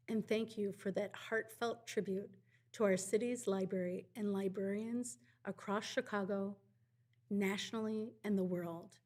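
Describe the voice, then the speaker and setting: A woman's voice: mid-range voice, a little mellow. A woman official speaking at an awards ceremony in a mid-range voice. Her delivery is polished and formal, thanking partners and staff. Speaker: acting library commissioner.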